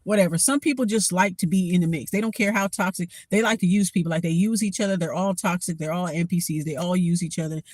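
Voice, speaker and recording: A woman telling a story in a casual vlog, blunt and profane, animated and quick to laugh. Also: fairly low pitch, no echo. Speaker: storytime vlogger.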